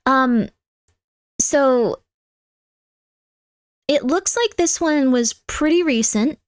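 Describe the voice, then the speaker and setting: A chatty woman streamer with a high, light voice talks with her viewers on a close mic in a dry, dead-sounding room. She slips into cooing baby talk for her cat and throws out playful mock threats. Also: drawn-out words, dry recording. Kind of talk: casual live-stream chat.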